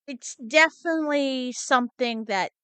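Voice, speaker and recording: Woman co-host, casual chat, slow and slightly high, crisp close mic. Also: no echo. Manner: relaxed, chatty, lots of "like" and "mm-hmm". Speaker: podcast co-host.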